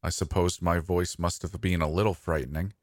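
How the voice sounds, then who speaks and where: A man narrating a scripted first-person horror story in a soft, intimate, slow manner. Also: deep voice, steady tone, dry recording, studio quality.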